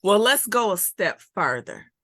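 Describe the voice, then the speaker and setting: A woman's voice: mid-range voice, very animated, measured pace, sharp tone, no room sound. A middle-aged woman hosting a casual talk show, chatting in a conversational way and pushing back on her guest's points. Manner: conversational, plays devil's advocate. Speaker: podcast host.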